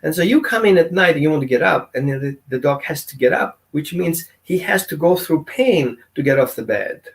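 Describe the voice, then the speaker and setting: A man's voice: a little high, animated, a little fast. A man teaching as a dog trainer in a casual, conversational way, often asking his audience questions. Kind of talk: informal teaching talk.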